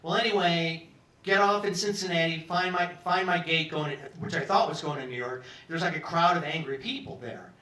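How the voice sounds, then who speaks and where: Bright-voiced man in his sixties spinning a yarn. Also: fairly high pitch, moderate pace. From Peoria, Illinois, US. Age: 60s. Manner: animated, acts out other people's lines, profane. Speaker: storyteller. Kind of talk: live storytelling monologue. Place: pub stage. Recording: roomy, from some distance.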